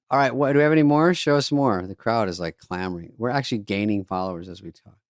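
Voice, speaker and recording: A man co-hosting a podcast in casual comedic chat, with deadpan wisecracks. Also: fairly low pitch, no room sound, clean studio sound. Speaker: podcast co-host.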